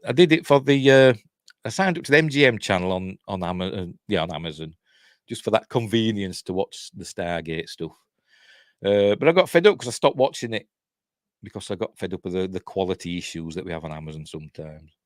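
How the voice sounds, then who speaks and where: A Yorkshire man hosts a casual live stream and chats in a rambling, chatty way, laughing often. His voice is on the low side but swings widely in pitch. The sound is dry and close-miked. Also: dry recording. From Yorkshire, England. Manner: rambling, chatty, laughs a lot, reads out viewer comments. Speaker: host of a live news stream.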